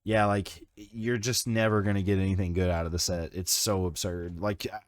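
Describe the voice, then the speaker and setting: A man's voice: sits low, flat delivery, normal speed, dry recording. A man co-hosting a livestreamed podcast, talking in a playful, slangy, teasing way. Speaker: podcast co-host. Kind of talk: casual livestream chat.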